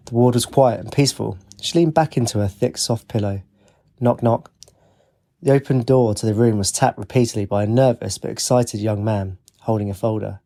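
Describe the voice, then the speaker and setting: A man reading a fantasy audiobook as narrator, in a measured, even reading. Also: fairly low pitch, vocal fry. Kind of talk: scripted narration.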